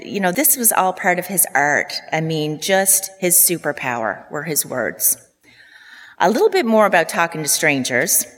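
A woman in her fifties from Newfoundland delivers a eulogy for her father. She speaks with a low voice, telling fond, heartfelt stories. The long reverb of a hall trails each word. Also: fairly bright tone. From Newfoundland, Canada. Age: 50s. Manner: heartfelt storytelling with fond asides. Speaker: daughter giving a eulogy. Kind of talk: funeral eulogy. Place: funeral hall.

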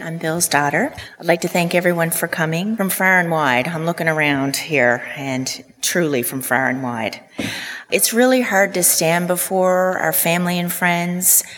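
Low-voiced woman giving a eulogy. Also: big-room sound. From Newfoundland, Canada. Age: 50s. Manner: heartfelt storytelling with fond asides. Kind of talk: funeral eulogy. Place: funeral hall.

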